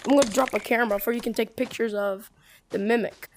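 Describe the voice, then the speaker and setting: Excitable woman giving noisy gameplay commentary. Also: fairly high pitch, fast talker. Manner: excitable trash talk, bossy and loud. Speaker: gamer.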